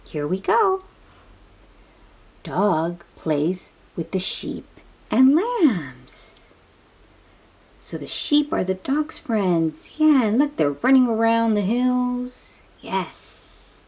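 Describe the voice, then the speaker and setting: A woman reading a picture book aloud to young children, gentle and often dropping to a soft whisper, asking them questions as she goes. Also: medium pitch, big pitch swings, drawn-out words.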